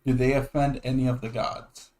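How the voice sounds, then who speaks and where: A man's voice: mid-range voice, little pitch movement, moderate pace, darkish tone. Hesitant male tabletop player. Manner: hesitant, thinking aloud. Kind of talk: casual tabletop play.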